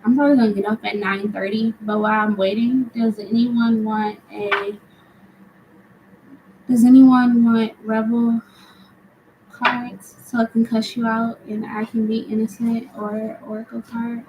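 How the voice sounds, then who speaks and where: A woman's voice: a little high, level tone, unhurried, noisy background. A young woman hosting a live tarot stream, chatty and laughing often as she answers viewers. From United States. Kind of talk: casual live-stream chat.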